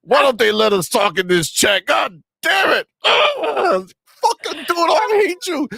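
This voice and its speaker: Picture a furious adult fanboy, played by a man, shrieking in a high, cracking voice. He sobs and wails, his pitch leaping wildly between lines. The sound is dry and close, with no room around it. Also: sing-song, unhurried, vocal fry, sharp tone, no echo, heavily acted. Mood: whiny rage. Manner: shrieking, sobbing rant.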